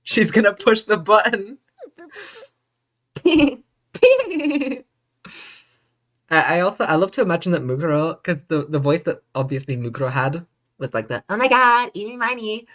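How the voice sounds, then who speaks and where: A woman's voice: fairly low pitch, a little slow, long pauses. Gushing, swearing woman streamer. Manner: gushing, excitable, swears, laughs often. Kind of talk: live gameplay commentary.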